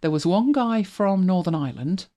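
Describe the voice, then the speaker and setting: A woman's voice: fairly low pitch, expressive, moderate pace, dark tone. Chatty woman with a mild Manchester accent. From England, Manchester. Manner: chatty, rambling, laughs often. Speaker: host. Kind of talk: casual chat, reading listener comments.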